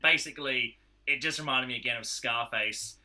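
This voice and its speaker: An Australian man on a casual podcast, telling a film's story with animated energy. His voice is very bright and sharp, and he is at a middle pitch for a man. He slips into the characters' voices as he recaps the plot. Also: normal speed. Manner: animated retelling, acts out characters' lines. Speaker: podcast co-host. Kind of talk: casual film review chat.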